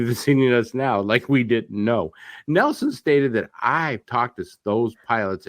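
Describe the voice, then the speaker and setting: A man's voice: mid-range voice, no room sound. A man co-hosting a radio show, chatting casually and reading news with folksy joking asides.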